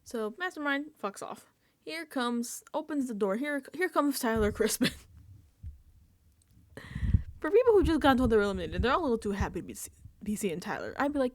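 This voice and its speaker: A woman's voice: fairly high pitch, big pitch swings, brisk, long pauses, slight background noise. A woman recapping a reality TV episode in a casual reaction vlog, sarcastic and exasperated, swearing freely.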